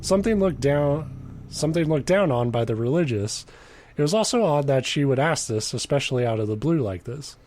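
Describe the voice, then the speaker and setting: Animated and fairly quick, this medium-pitched, slightly mellow male voice comes through a dry recording. He co-hosts a podcast, reading a creepy story to a friend and joking around, laughing a lot and doing mock voices for quotes, all as casual chat and read-aloud.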